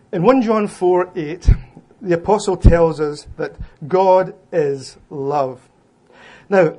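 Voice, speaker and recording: A man giving an academic presentation to an audience in a room, reading from his prepared paper in a deliberate, emphatic way with occasional restarts. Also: on the high side, a little mellow.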